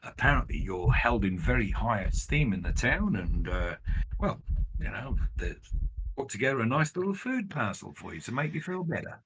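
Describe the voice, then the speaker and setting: A man playing a tabletop game, describing his character's actions in a relaxed way. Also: medium pitch, normal speed, slight background noise. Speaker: player.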